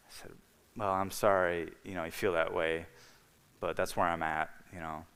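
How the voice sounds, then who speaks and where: A man with a low voice gives a personal testimony at a church event. He tells it like a storyteller, acting out the other voices and checking in with the congregation. His words ring out with the long reverb of a church hall on a livestream. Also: normal speed, pushed and bright, clean tone. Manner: storytelling, acting out dialogue, frequent "okay?" and "you know". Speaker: guest speaker.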